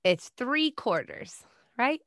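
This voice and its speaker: A woman co-hosting a casual chat show, playful and full of quick wordplay questions, laughing often. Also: fairly high pitch, sing-song, a bit bright, no room sound, clean studio sound.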